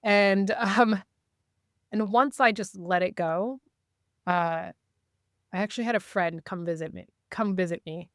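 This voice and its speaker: A woman guest in a casual interview, telling stories in a lively way and acting out what people said. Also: mid-range voice, a little slow, long pauses, no echo, studio quality. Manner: lively, acts out quoted dialogue. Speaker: podcast guest, intuitive reader.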